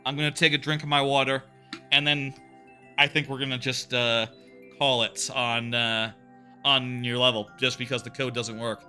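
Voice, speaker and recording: A man's voice: medium pitch, fairly even intonation, moderate pace, sharp tone, soft background music. A man streaming a video game live, chatting casually and answering his viewers' questions as he plays. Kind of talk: casual live-stream chat while gaming.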